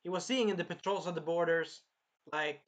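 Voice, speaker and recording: A man's voice: on the high side, brisk. A man casually chatting through an anime episode review, rambling and swearing now and then as he retells scenes.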